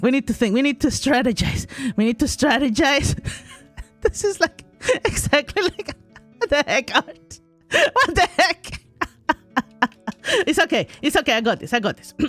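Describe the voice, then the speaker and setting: A woman doing let's play commentary, excitable, talking to herself with shrieks and laughs. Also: a little high, no echo. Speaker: gaming streamer.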